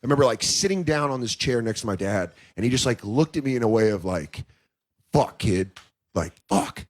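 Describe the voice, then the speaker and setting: A man's voice: mid-range voice, quick pace. A man in his thirties, a comedian talking candidly in a podcast conversation, telling stories with lots of swearing and acted-out quotes. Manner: profane, animated storytelling with quoted voices. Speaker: comedian guest.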